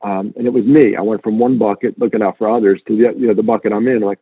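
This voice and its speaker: Earnest husky man on a tinny line. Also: on the low side, quick pace, dry recording. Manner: earnest, animated storyteller, emphatic repetition. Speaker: guest speaker. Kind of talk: conversational interview. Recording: tinny phone-line sound.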